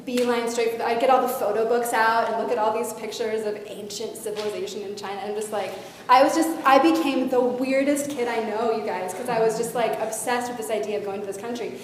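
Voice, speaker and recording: A woman's voice: on the high side, a little fast, few pauses. A woman animatedly telling a personal faith story to a young audience as a guest speaker. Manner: animated storytelling with lively shifts in loudness. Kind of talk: personal testimony to a youth audience. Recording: echoey hall, faint noise.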